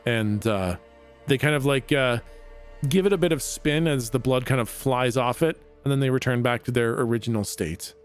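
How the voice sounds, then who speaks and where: A man narrates a tabletop role-playing game as the game master. He talks in a casual, halting way and often stops to search for words. Faint music runs in the background. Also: medium pitch, smooth.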